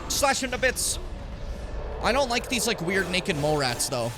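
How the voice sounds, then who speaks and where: A young man streaming a video game, reacting with loud, profane outbursts, shouted taunts and frequent laughter. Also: high voice, sing-song, moderate pace, background noise. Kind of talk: live gameplay commentary.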